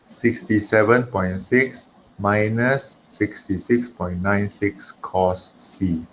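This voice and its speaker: A man's voice: on the low side, slow, background noise. A man with a Malaysian English accent teaching an online maths lesson, chatty and emphatic, repeating himself and talking while he writes.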